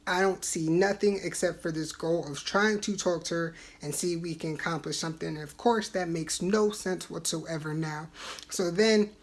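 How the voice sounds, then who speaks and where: Blunt, candid young man telling a story. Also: fairly high pitch. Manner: candid and blunt, swears freely; animated, acts out remembered exchanges. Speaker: vlogger. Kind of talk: casual personal storytelling.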